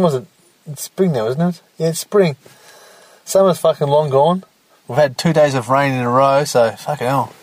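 Man, podcast host, profane rambling monologue, slightly high voice, dry close sound, recorded in a car. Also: darkish tone, dry recording. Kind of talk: casual solo podcast monologue. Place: parked car. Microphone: self-recorded in the car.

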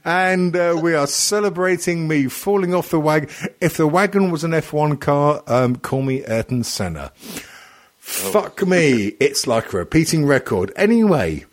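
A man's voice: a little high, lively intonation, unhurried. A man hosting a crude comedy podcast, rambling, teasing his guests and swearing a lot. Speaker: podcast host.

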